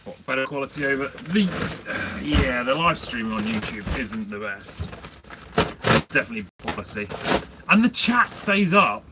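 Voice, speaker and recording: Man on a livestream from his food van, lively up-and-down delivery, chatty with viewers, noisy background. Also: medium pitch, moderate pace. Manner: chatty, reads out and answers viewer comments. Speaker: livestream host selling jacket potatoes. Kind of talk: casual livestream chat with viewers.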